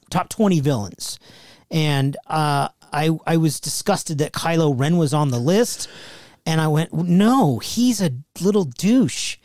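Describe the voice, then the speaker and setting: A man's voice: a little high, a little mellow, dry recording. A man co-hosting a podcast, chatting casually and tossing in dry comebacks. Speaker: podcast co-host. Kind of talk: casual chat.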